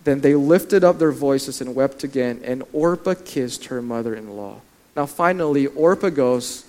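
A man preaching a sermon. He asks the listeners questions, swings between loud and soft for emphasis and acts out the voices of biblical figures. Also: on the high side, normal speed.

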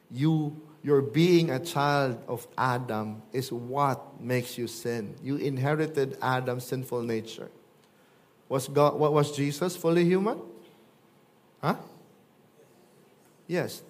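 A man, preaching a sermon and acting out quoted voices with lively swings. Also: slow pace. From Philippines. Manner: animated, acts out quoted voices with big pitch jumps. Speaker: pastor.

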